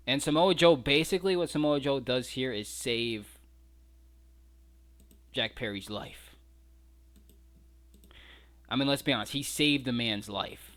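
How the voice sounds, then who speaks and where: This wrestling commentary vlogger has a medium-pitched, fairly bright voice, talks a little slowly, and pauses often. He breaks down fight footage casually and incredulously, mocking it and swearing freely.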